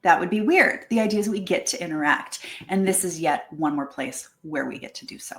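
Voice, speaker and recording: A woman giving a casual presentation to a networking group about her language school, lively and chatty, acting out little quoted exchanges. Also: lowish voice, fairly quick. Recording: echoey room.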